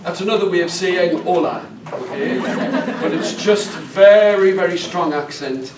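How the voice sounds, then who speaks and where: A man's voice: high voice, a little slow. A man with a Northeast English accent, a storyteller leading a workshop, chatty and playful with the audience. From northeast England. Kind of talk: live workshop talk to an audience. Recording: echoey room, mic far off, faint background noise.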